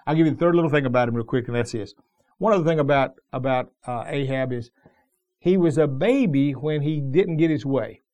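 A man's voice: medium pitch, fairly quick, a little mellow. A middle-aged man preaching a sermon as pastor, telling the story in a loose, conversational way with frequent restarts.

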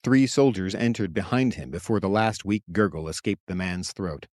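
Low-voiced man narrating an audiobook. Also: moderate pace, a little mellow, no room sound. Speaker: author and narrator.

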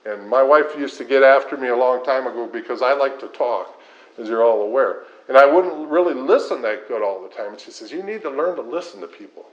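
A man's voice: medium pitch, a little fast. A middle-aged man preaching a sermon in an earnest style, building points through repetition. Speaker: pastor. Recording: slightly dull lo-fi sound.

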